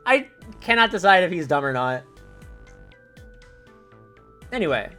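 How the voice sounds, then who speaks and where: Casting: young man, casual game streamer, chatty and rambling, voice swinging up and down in pitch. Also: sing-song, fairly quick, pushed and bright, soft background music. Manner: rambling and chatty, many fillers and giggles. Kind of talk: casual let's-play commentary.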